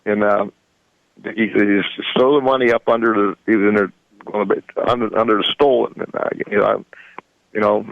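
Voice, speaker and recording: A man's voice: fairly low pitch, fairly even intonation, fairly quick, creaky, dull audio. A man in his sixties, a radio show guest, telling rambling stories in folksy grammar and chuckling often. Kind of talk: casual storytelling.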